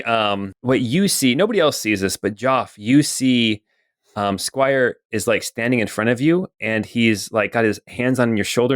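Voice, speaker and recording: Calm man running a tabletop game. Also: mid-range voice, no room sound, clean studio sound. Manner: calm, methodical, with frequent "okay" and "um". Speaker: dungeon master.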